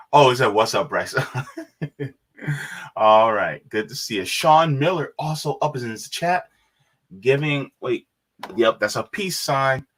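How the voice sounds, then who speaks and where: A man's voice: mid-range voice, animated, takes it slowly, pauses often, fairly bright tone. A man co-hosting a live stream, greeting viewers and reading chat messages aloud with frequent laughs.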